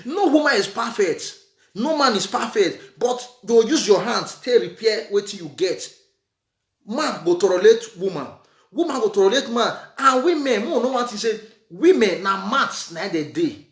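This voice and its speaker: In an echoey room, a man with a Nigerian accent offers relationship advice as a vlogger, speaking earnestly and repetitively in a casual, preachy way with some Nigerian Pidgin. His voice sits high, with lively intonation and a moderate pace.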